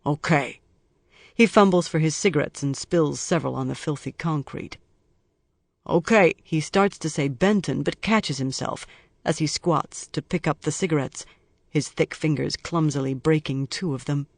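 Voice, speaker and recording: Guy reading a crime novel aloud, steady and measured, higher voice, dry mic. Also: vocal fry, dry recording. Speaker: audiobook narrator. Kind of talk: scripted narration.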